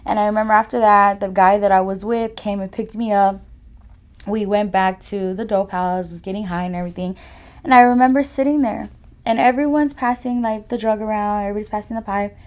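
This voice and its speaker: A young woman speaks as a podcast guest and tells her personal story. She talks loosely and conversationally, with many "like" and "you know" fillers. Her voice sits at an ordinary middle pitch. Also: fairly even intonation, a little fast, darkish tone. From California. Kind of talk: personal testimony in casual conversation.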